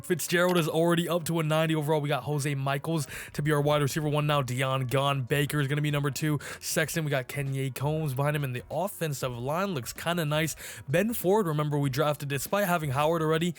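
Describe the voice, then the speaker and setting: Excitable young man with slangy game commentary. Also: a little high. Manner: excitable, swings between hype and groaning; slangy, says bro. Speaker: gaming YouTuber. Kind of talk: casual gameplay commentary.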